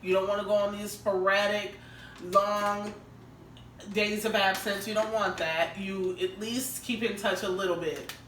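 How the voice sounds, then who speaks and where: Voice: medium pitch, little pitch movement, unhurried, a bit bright, a little hiss or hum. A podcast co-host in casual chat, blunt and emphatic, repeating points for effect. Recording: roomy, distant mic.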